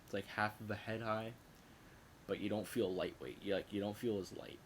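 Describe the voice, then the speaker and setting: A young man with a fairly low voice tells a personal story in a loose, rambling way, swearing freely and stumbling over his own words. A faint rumbling noise sits under the recording. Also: steady tone, moderate pace. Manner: rambling, profane, self-correcting. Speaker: vlogger. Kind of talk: casual storytelling.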